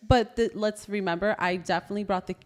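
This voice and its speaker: Woman, thirties, mid-pitched, casual podcast chat, animated retelling. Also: fast talker. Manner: animated retelling with quoted dialogue. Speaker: podcast co-host, mother.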